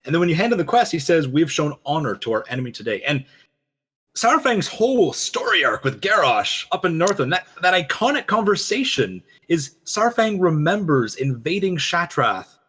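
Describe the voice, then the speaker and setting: A man co-hosting a casual discussion, telling a story with lively quoted lines. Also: sits high, normal speed, breathy edge. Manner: animated storytelling, quoting characters. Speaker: podcast co-host.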